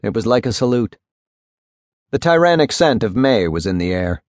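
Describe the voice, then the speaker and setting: A man narrating a literary novel in a measured, even storytelling voice. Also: medium pitch, dry recording, studio quality. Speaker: audiobook narrator.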